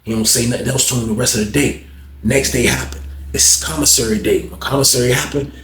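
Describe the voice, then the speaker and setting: A man telling a story casually, animated and slangy, acting out the people in it. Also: medium pitch, fast. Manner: animated, slangy, voices characters. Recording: roomy echo.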